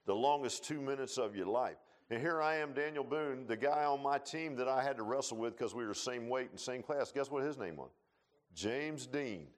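A man preaching a folksy sermon, telling stories and building to loud emphatic points. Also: mid-range voice. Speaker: pastor.

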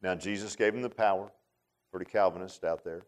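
A male pastor preaching a sermon in an animated, informal way, often repeating words and making joking asides to the congregation. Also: low-pitched, fairly quick.

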